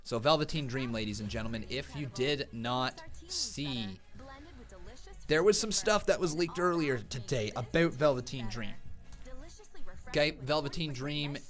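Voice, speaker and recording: A young man hosting a live watch-along stream, giving casual commentary that flares into loud excited outbursts. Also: medium pitch. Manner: excitable, bursts into loud shouts.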